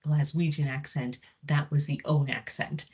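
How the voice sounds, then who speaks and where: A woman's voice: low voice, level tone, moderate pace, darkish tone, breathy edge. A woman speaking as a guest lecturer in a question session on a video call, thoughtful and hesitant with fillers. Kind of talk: Q&A after an academic talk.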